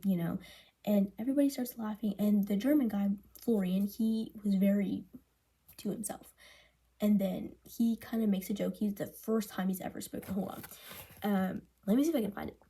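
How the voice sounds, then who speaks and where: A woman's voice: medium pitch, dark tone, breathy edge. A teenage girl giving a casual spoken book review for a school project, chatty and full of fillers. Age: teens. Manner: chatty, filler-heavy, breaks off to read passages aloud. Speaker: student presenting a book project.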